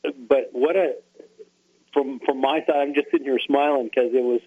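A man co-hosting a radio show, reminiscing in a rambling, halting way. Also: medium pitch, fairly even intonation, slightly rough, phone-quality sound. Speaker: radio co-host. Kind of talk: casual radio chat.

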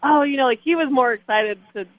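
A young woman speaks fairly quickly in a high-sitting voice, sharing her catch story as a guest angler on a radio show. She's casual and laughing, filling her talk with "like" and "you know," and the recording is rough with no room sound.

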